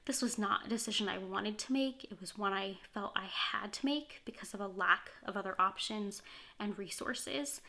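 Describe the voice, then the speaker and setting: A woman's voice: medium pitch, fairly bright tone. A woman sharing a personal story to camera in a candid, heartfelt way. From California, USA. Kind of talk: earnest first-person testimony to camera.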